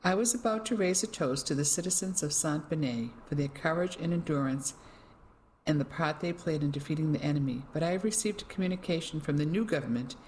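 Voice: mid-range voice, brisk, a little mellow, slight background noise, natural voice, rough recording. The narrator voicing a male town official giving a formal speech.

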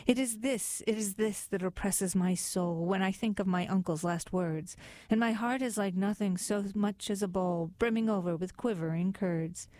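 A woman's voice: mid-range voice, moderate pace, warm tone, no echo, natural voice. A woman voicing a timid, tearful male baker in a storybook poem, anxious and plaintive.

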